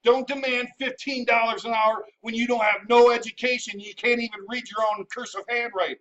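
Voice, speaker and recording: A man, an army veteran, ranting at his viewers in a combative, profane, scolding way, shouting at times. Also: very high voice, steady tone, a little fast. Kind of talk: ranting commentary to camera. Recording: dull sound from a distant mic.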